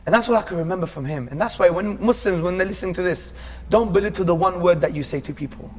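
A man's voice: high voice, fast talker, a little mellow, slight background noise. A man in his forties from England, earnestly telling his life story as a guest in a casual interview and calling the host bro.

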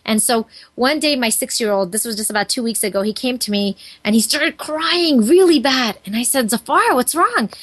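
A woman in her thirties, a guest on a talk show, speaking earnestly and telling stories in an animated way. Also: fairly high pitch, normal speed, hardly any pauses. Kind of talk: casual interview talk.

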